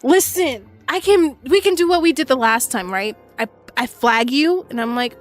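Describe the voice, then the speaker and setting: Young woman streamer, kinda high voice, swears a lot and laughs, faint music in the background. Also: moderate pace, hardly any pauses. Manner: loose, slangy and profane, laughing often. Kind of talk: casual gaming stream chat.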